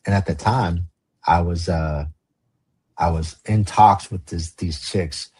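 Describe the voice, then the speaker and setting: Man, low voice, husky, dry recording, casual profane storytelling guest. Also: slow pace, darkish tone, no room sound. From Los Angeles area. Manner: casual, slang-heavy and profane. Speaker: podcast guest. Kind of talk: storytelling interview.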